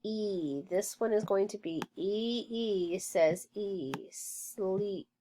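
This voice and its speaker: A woman leads a phonics lesson at a very slow, careful pace. She enunciates every word and drills sounds and syllables one at a time. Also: mid-range voice, mellow, slight background noise. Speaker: phonics teacher.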